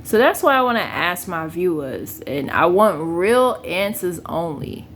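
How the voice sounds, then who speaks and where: A woman's voice: on the low side, big pitch swings, unhurried, a bit bright, a little hiss or hum. A young adult woman talking earnestly and casually to her viewers about her faith as a single mother. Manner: earnest, conversational, addresses viewers directly. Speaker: vlogger. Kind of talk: casual personal talk to camera.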